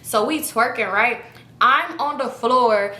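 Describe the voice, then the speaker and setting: A young woman telling a long story in casual, animated, slangy speech full of swearing, her voice jumping high for emphasis. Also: slow pace. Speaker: storyteller vlogger. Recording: echoey room with faint rumble.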